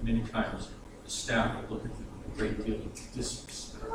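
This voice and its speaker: A man preaching a sermon in an animated way, acting out the voices of the people in his stories, with an easy chuckle. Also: medium pitch, brisk, very noisy. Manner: animated, acts out quoted voices, chuckles often. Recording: echoey room heard from a distance.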